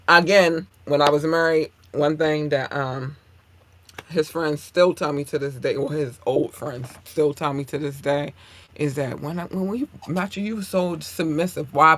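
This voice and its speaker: A woman hosting her own podcast, talking casually in an animated, blunt and profane way with plenty of fillers. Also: deep voice. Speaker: podcast host. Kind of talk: casual solo podcast talk.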